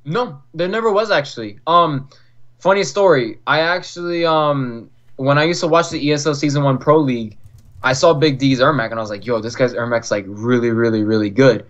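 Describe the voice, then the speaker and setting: A man's voice: medium pitch, brisk. Young man from Florida, lo-fi call audio. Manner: chatty, fills talk with "like", acts out quoted dialogue. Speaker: podcast guest, competitive fighting game player. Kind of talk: casual storytelling. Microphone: online call.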